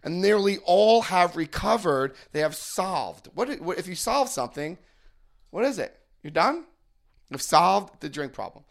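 A man speaks to a large audience, his fairly high voice swinging up and down with lively energy. He cracks jokes and fires rhetorical questions at the crowd. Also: measured pace, gravelly. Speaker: recovery workshop speaker. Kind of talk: lively talk to a live audience.

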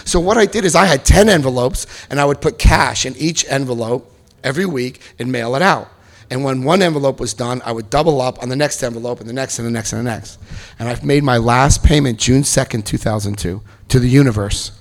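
A middle-aged man tells his recovery story to an audience as personal testimony, animatedly acting out the voices of the people in it. His voice is mid-range and fairly quick.

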